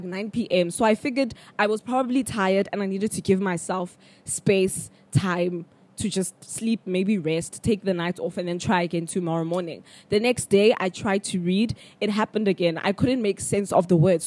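A young woman from South Africa talks through a personal story on her podcast. She is chatty and expressive, and she often calls her listeners "child". Her pitch sits in a middle range for a woman. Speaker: podcast host. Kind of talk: casual storytelling chat.

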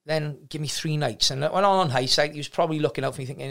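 A man's voice: fairly high pitch, fairly even intonation, very fast, vocal fry, few pauses. A middle-aged man, a gym owner frankly telling his life story as a podcast guest, rambling with many restarts. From South Wales. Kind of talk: casual storytelling interview.

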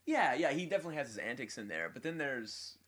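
Brief: young male co-host, lively melodic delivery, laughs easily. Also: mid-range voice, fast talker. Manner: animated, laughs often, shouts quoted lines. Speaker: podcast co-host. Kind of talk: casual chat.

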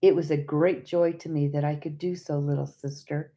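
A woman voicing a kind, gentle man who guides his sister-in-law, speaking softly and patiently. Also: deep voice, steady tone, moderate pace. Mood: gentle, reassuring. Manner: soft and patient.

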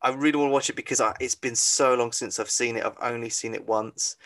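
A man's voice: medium pitch, quick pace. A young man co-hosting a podcast, casually running through lists and steering the chat. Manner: relaxed, steering the conversation. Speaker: podcast co-host.

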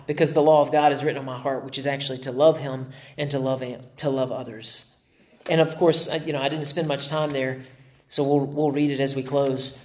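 A man's voice: on the high side, reverberant. A man preaching a sermon in a loose, conversational way, acting out the voices of the people in his story. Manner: conversational, acts out quoted voices. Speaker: pastor.

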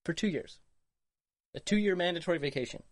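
A woman's voice: fairly low pitch, brisk, crowd noise. A woman co-hosting a podcast in casual chat, chatty and full of questions. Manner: chatty, asks lots of questions. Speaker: podcast co-host.

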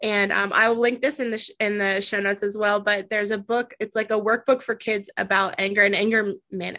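A woman hosting a podcast, chatting casually with many fillers. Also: medium pitch. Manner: warm, chatty, many fillers like "you know". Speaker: podcast host.

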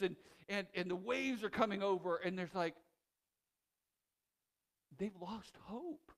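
A man preaching a sermon, retelling a story with lively, animated delivery that swings between loud and hushed, with frequent restarts. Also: high-pitched, measured pace, gravelly. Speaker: pastor.

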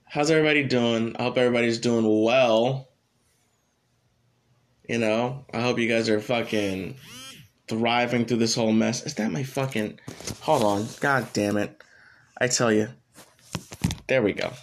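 A young man hosting his own podcast, talking off the cuff in a rambling and blunt way. He swears freely as he goes, and his voice sits at an ordinary mid pitch for a man. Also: steady tone, a little slow, long pauses, slight background noise. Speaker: podcast host. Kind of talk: casual solo podcast rant.

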